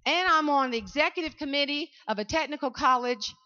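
A woman from South Carolina with a Southern accent gives an animated motivational speech to students and keeps calling out to the audience. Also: sits high, fairly quick, lo-fi sound. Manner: animated storytelling, calls out to the audience. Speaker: motivational speaker.

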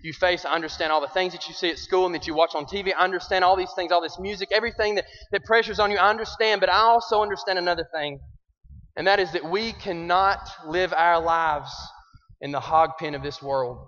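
A man giving an animated, folksy motivational talk to young people in an arena. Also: high voice, fairly quick. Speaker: youth speaker. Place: large arena. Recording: dull echoey arena recording.

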